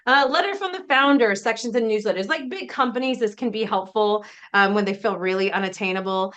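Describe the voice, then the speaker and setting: A woman's voice: medium pitch, fairly quick, fairly bright tone. A woman business coach presenting a casual webinar, chatty and emphatic, often laughing between points.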